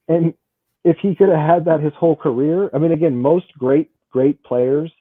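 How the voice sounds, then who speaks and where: A man co-hosting a casual sports podcast, talking fast, repeating himself and stacking stats. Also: fairly high pitch, steady tone, no room sound. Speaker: podcast co-host. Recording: dry, tinny phone-like audio.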